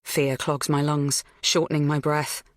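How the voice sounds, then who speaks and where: A woman's voice: sits low, flat delivery, measured pace, no echo, studio quality. Woman reading a tense audiobook thriller. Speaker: audiobook narrator. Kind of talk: first-person thriller narration.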